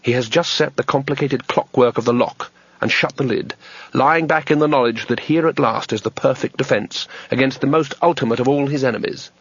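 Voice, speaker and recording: A man reading a comic fantasy audiobook in a measured, wry way. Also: medium pitch, husky, dry recording. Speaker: audiobook narrator. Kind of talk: scripted narration. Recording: dull, dry lo-fi recording.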